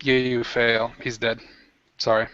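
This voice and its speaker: Slow, slightly high game master, dry dull lo-fi sound. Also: male voice, level tone, sharp tone, dry recording. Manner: slow, laughing, gory narration. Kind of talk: narrating a tabletop game.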